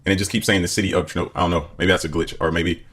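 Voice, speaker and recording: A man's voice: deep voice, fairly even intonation, racing, fairly bright tone. A man giving casual, rambling commentary in a video. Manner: chatty, rambling. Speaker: video narrator.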